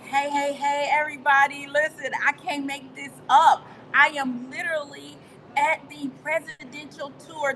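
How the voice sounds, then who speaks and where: A woman coach, speaking in an excited, emotional way to people on a call from an event lobby. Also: high voice, normal speed, soft background music, rough recording. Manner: fired-up, emotional, calls out to the audience. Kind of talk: excited motivational call talk. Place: hotel lobby at a busy event. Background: crowd and announcements at an event.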